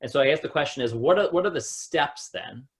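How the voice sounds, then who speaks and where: A man's voice: fairly high pitch, lively intonation, brisk. A man co-hosting a casual spiritual discussion as a yoga teacher, framing long questions in a rambling, hesitant way with frequent fillers, and reading viewer comments.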